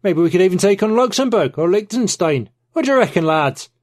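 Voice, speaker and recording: A cantankerous elderly man, fiercely proud and spoiling for a fight, his voice raised and strained with bluster, as a male reader takes him on. He talks in loud, indignant bursts that sit well above a plain speaking voice. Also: high-pitched, animated, fairly quick, pitched above the performer's own voice.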